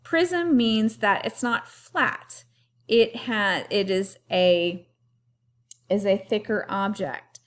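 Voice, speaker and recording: Slow, patient woman teacher. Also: medium pitch. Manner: slow, clearly paced teacher talk with call-and-repeat. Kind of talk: remote lesson for young children.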